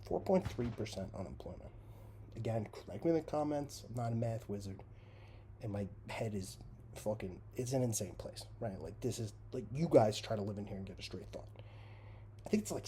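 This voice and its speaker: A man's voice: medium pitch, slight background noise. Swearing, sarcastic man on a rant. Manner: swears constantly, sarcastic, swings between shouting and muttering. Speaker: commentary show host. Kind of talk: profane comedic rant.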